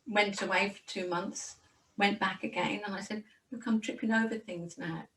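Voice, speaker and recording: Chatting in a lively way and repeating words as she talks, an older Birmingham woman recounts her life story for an interviewer. Her voice is medium in pitch at a moderate pace, and the rough recording sounds distant.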